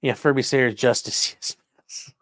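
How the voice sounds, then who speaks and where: A man's voice: medium pitch, steady tone, takes it slowly, a bit bright, no echo. A man hosting a casual crime livestream, sarcastic and profane, mocking his subjects and reading out chat comments. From rural area. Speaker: livestream host.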